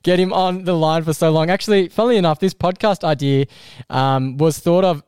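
A man's voice: a little high, fairly quick, darkish tone, clean tone, no echo, studio quality. A young Australian man hosting a casual podcast, chatty and upbeat, laughing often. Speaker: podcast host. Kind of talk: casual chat.

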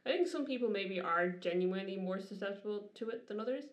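A woman's voice: mid-range voice, expressive, quick pace. Irish woman, dublin accent, chatty and giggly, roomy echo on the mic. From Ireland, Dublin. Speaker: podcast co-host. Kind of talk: casual chat. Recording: roomy echoey room.

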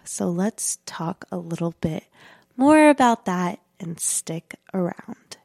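A woman's voice: lowish voice, measured pace, darkish tone. A young adult woman hosting her podcast in a casual monologue, talking through a stuffy nose and slightly out of breath, rambling with lots of "like" and "you know". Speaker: podcast host.

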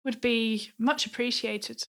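High-voiced woman, polite tabletop player. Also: steady tone, takes it slowly, a bit bright. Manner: polite, courteous. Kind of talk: tabletop game play.

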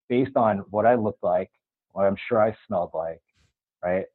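A man telling a personal story as a guest in a casual interview, animated and laughing now and then, through a tinny phone-like sound. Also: on the low side, normal speed.

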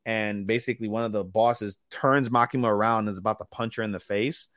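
A man co-hosting a podcast, telling a rambling, animated recap that quotes characters and swears freely. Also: on the low side, brisk, no echo, clean studio sound. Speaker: podcast co-host. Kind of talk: casual chat recapping anime.

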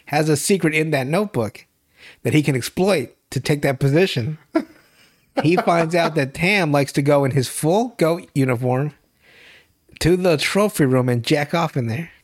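A man's voice: on the high side, normal speed. A young man hosting a podcast, recapping a TV show in casual, profane, rambling chat and laughing often. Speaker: podcast host.

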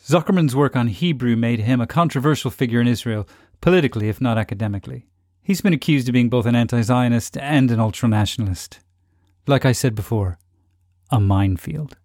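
A man hosting a podcast, reading scripted narration in a measured way. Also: mid-range voice, darkish tone. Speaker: podcast host.

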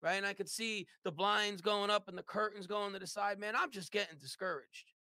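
A business owner telling his life story in an interview, animated and forever checking in with "right?". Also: high voice, brisk, dry recording, studio quality. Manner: animated, tags lines with "right?".

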